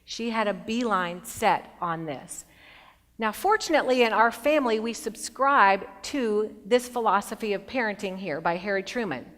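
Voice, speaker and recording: A middle-aged woman giving a motivational speech as a keynote speaker, an expressive storyteller who shifts between bright emphasis and hushed moments. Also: mid-range voice, normal speed. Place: large conference hall. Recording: long hall reverb.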